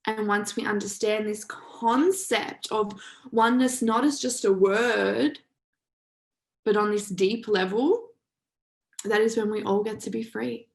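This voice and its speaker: A woman's voice: medium pitch, fairly even intonation, measured pace, vocal fry, poor audio. A woman hosting a live online session, telling stories in an emphatic, casual way with some swearing. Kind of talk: motivational storytelling talk.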